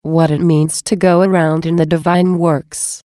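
A woman reading a devotional diary aloud in a calm, measured and reverent manner. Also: deep voice, no echo, clean studio sound. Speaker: reader of a mystical diary.

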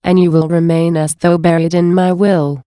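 A woman reading the words of a gentle, solemn male divine figure, tender and earnest. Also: fairly low pitch, level tone, normal speed, no room sound, clean studio sound, close to an everyday voice.

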